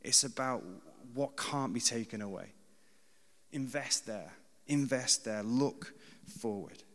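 Bright-voiced male preacher in a reverberant hall. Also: medium pitch, takes it slowly. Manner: conversational, self-deprecating, emphatic repetition. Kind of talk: sermon.

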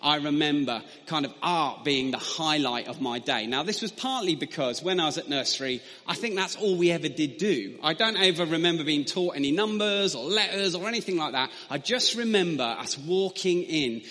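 A man's voice: a little high, lively intonation, moderate pace, few pauses, pushed and bright, long reverb tail. A man telling a funny, self-deprecating story as a preacher in a sermon. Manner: humorous, self-deprecating anecdotes.

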